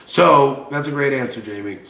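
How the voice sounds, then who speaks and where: A man's voice: mid-range voice, normal speed, creaky, pushed and bright, reverberant, distant mic, rough recording. A man in his forties, from Russia, hosting a show and talking in a blunt, boastful, profane way. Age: 40s. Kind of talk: casual monologue and storytelling.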